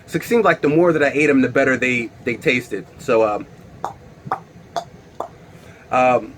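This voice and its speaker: A man's voice: mid-range voice, a little slow, noisy background. A man telling a personal story in a casual, slangy way, with lots of fillers and laughs. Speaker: storyteller vlogger.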